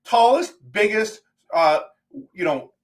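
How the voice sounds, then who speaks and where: High-pitched man, livestream host, fan rant, exasperated and animated. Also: slow pace. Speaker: live stream host. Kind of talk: post-game fan talk.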